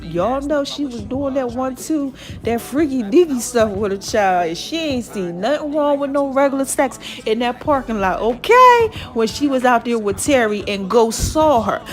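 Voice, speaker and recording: A talkative female podcast host recaps a TV episode at normal speed, her pitch sitting high. She slips into the characters' lines with lively energy while soft music plays in the background.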